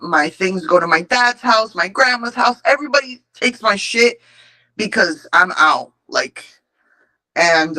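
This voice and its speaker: Over poor audio, a man with a high, sharp voice shares his recovery story at a support meeting. His testimony is candid and emotional, packed with swearing.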